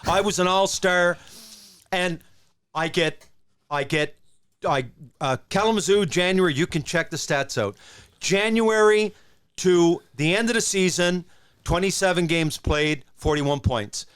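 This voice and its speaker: A man in his sixties from Newfoundland, a former hockey player who tells stories as a podcast guest in a rambling, animated way with many restarts. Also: high voice, measured pace, smooth. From Newfoundland, Canada. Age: 60s. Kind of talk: casual storytelling.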